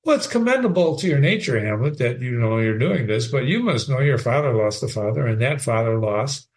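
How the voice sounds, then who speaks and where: A man's voice: medium pitch, animated, brisk, lightly acted. A man voicing a smug middle-aged king who talks down to his nephew. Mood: condescending. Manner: condescending, lecturing tone.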